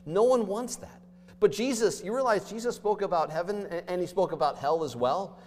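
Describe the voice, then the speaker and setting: Male pastor, emphatic sermon delivery, fairly high voice, big echoing sanctuary. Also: normal speed, slight background noise. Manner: emphatic preaching, swinging between loud and hushed. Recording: long hall reverb.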